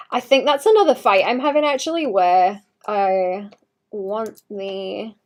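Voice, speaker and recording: Painting live on stream, a young adult woman with a mid-range, slightly mellow voice offers casual commentary. Her thoughts come out loud and unfinished, sentences drifting off and starting over, with the odd muttered aside.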